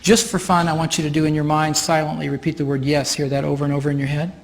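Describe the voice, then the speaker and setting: A man's voice: fairly high pitch, flat delivery, fast, creaky. A man leading a live workshop demonstration on stage, explaining each step in a chatty way and often laughing. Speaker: workshop facilitator. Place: stage before an audience.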